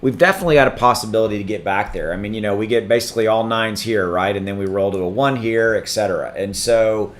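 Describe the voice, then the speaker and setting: A man hosting a casual crypto livestream, rambling and thinking aloud while he looks things up, his voice starting to go hoarse. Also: on the low side, fast talker, few pauses. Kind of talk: casual live-stream chat.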